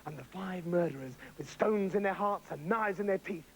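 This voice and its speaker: A man telling a comic story in a manic, excitable way. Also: high-pitched, normal speed, a little hiss or hum, low-quality recording.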